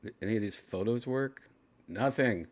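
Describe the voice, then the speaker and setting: A man's voice: lowish voice, moderate pace. A man hosting a show, telling a rambling, laid-back story full of restarts. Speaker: podcast host. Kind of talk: casual storytelling.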